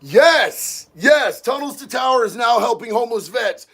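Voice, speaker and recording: A man with a very high, gravelly voice hosts a loose livestream chat. He reads out viewer comments and swears freely. When something excites him he gets loud and shouty. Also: moderate pace. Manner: excitable, profane, bursts into shouting. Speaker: livestream host reading chat.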